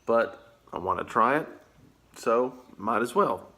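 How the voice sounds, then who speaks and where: Bright-voiced Southern man chatting casually. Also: mid-range voice, animated, slow pace. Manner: rambling, easygoing, with filler words. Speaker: pipe-smoking vlogger. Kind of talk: casual chat.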